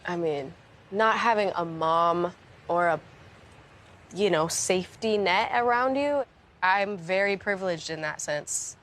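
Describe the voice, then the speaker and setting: A young woman in a casual radio interview, talking softly with many restarts and fillers. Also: on the low side. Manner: soft-spoken, halting, many restarts and fillers. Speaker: interview guest, musician.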